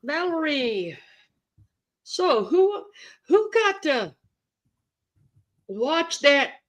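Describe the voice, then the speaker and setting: A woman's voice: high voice, very animated, extremely slow, poor audio. A woman hosting a casual livestream, blunt and salty, greeting viewers by name. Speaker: livestream host.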